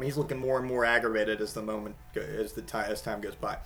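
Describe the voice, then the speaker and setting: A man giving casual comedic commentary on a picture book, wry and rambling, halting often with fillers. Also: fairly low pitch, fairly even intonation, gravelly, a bit bright, soft background music.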